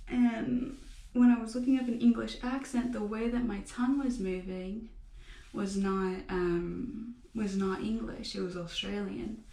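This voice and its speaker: Slow, gravelly young woman vlogging. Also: medium pitch, fairly even intonation, warm tone. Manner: halting, full of fillers and restarts. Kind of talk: rambling personal vlog. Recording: echoey room, mic at a distance.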